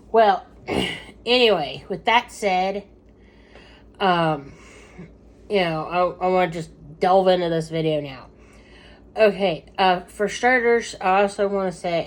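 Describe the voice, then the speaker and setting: A middle-aged woman chatting casually to camera with updates about her husband, rambling with lots of fillers and asides. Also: fairly low pitch.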